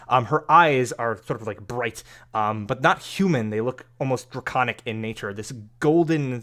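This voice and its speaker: A man's voice: mid-range voice, fairly bright tone. A man narrating a tabletop game as game master, rambling with many fillers. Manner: rambling, full of fillers and hedges.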